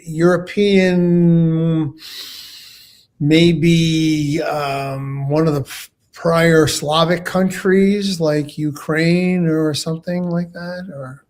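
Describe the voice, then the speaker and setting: A middle-aged man with a fairly high voice talks as a guest expert. His speech is halting and full of restarts. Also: steady tone, a little mellow. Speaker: law enforcement guest expert. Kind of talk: casual talk show chat.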